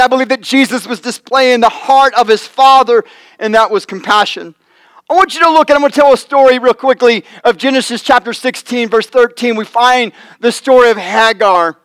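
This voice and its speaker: High-voiced male pastor preaching earnestly. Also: a bit bright, clean tone, dry recording, low-quality recording. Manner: earnest preaching, acting out quoted voices, swells and drops in volume. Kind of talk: sermon. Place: church sanctuary.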